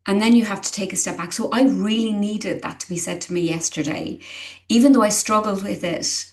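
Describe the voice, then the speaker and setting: A woman's voice: mid-range voice, brisk, darkish tone. A middle-aged woman, a parent, speaking candidly and earnestly as an interview guest, often restarting her sentences as she searches for words. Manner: earnest and emotional, with frequent restarts and hesitations. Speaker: guest, parent of a child with dyslexia.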